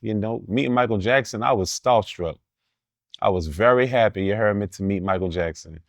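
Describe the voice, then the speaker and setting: A man's voice: lowish voice, normal speed, no room sound, studio quality. A man telling stories as an interview guest, blunt and profane in street slang, laughing as he talks. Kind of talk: casual storytelling in an interview.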